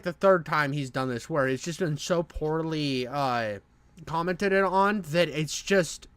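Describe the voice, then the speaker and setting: High-voiced man ranting in profane commentary. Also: fairly bright tone. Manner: profane, ranting, frequent restarts. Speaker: drama commentator. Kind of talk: heated reaction commentary.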